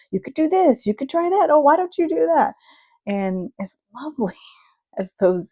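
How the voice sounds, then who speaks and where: A woman's voice: on the low side, dark tone, no echo, rough recording. A middle-aged woman, a marriage and family therapist, talking candidly and reflectively about her own experiences. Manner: reflective, earnest, openly sharing. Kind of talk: candid personal talk.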